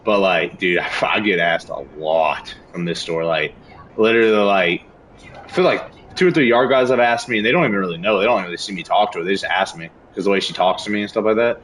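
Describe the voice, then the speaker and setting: A man's voice: deep voice, fast, a bit bright, slight background noise, low-quality recording. A young man streaming a game on a headset mic, telling stories in a laid-back, casual way with lots of swearing. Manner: laid-back storytelling, heavy swearing, frequent laughs. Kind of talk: casual chat while gaming.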